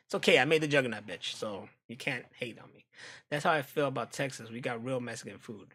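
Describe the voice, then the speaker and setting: A man hosting a live stream, chatting casually with viewers in a joking, profane, animated way. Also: medium pitch, a little fast, breathy edge. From United States.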